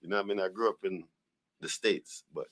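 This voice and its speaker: A man's voice: deep voice, fairly quick, fairly bright tone. A man from Jamaica with a Jamaican accent, a music artist guesting in a radio studio, laid-back with short replies. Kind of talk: casual radio interview.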